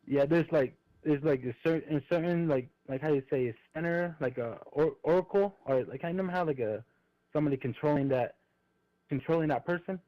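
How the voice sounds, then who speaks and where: A man calling in to a live show who searches for his words, with lots of fillers. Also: fairly high pitch. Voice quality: halting, filler-heavy. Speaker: caller. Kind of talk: casual phone-in chat. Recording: dull muffled call audio.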